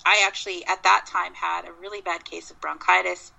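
A woman from Minnesota with a bright, gravelly voice that sits a little low. She tells long stories in a relaxed interview, circling back with restarts and fillers as she goes. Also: a little fast, low-quality recording. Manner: rambling, with many restarts and fillers. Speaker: Bigfoot researcher guest. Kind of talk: casual interview storytelling.

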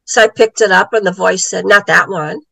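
A woman's voice: medium pitch, fairly quick, vocal fry, fairly bright tone, no room sound, poor audio. A middle-aged woman, an author and psychic medium, telling a story in a casual interview and acting out the voices she quotes.

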